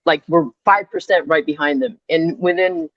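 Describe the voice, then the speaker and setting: A woman in her fifties, a construction superintendent, telling animated stories in casual chat and dropping in Spanish phrases, on earbuds over a remote call. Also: low-pitched, moderate pace, no echo, lo-fi sound.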